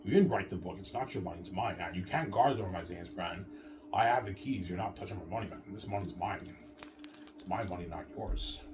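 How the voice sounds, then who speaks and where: A man's voice: sits low, fairly quick. A man delivering a boastful, rambling monologue with stammering restarts. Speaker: vlogger. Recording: distant mic with clear background music.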